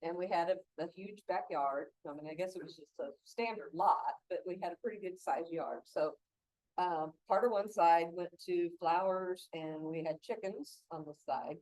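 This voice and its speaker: A woman's voice: on the low side, normal speed, darkish tone, no room sound. A middle-aged woman giving a casual gardening talk, chatty and laughing often between stories. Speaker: gardening instructor.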